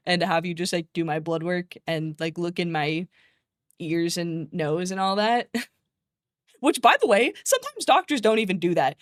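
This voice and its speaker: A woman's voice: medium pitch, dry recording. Laughing, swearing woman streamer, dry sound. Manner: animated ranting with frequent laughter and swearing; exasperated, mocking quoted voices. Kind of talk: casual stream chat.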